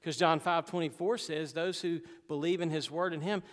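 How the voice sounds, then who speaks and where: A man's voice: on the high side, steady tone, normal speed. A male pastor, preaching a sermon with emphatic delivery and folksy asides. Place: church sanctuary. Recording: long hall reverb.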